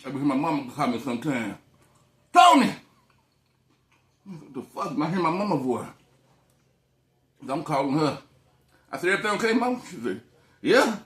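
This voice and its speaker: A man's voice: mid-range voice, moderate pace, pauses often. A man vlogging as he eats, telling loose, profane stories in a casual, rambling way. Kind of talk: casual storytelling while eating on camera. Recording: echoey room.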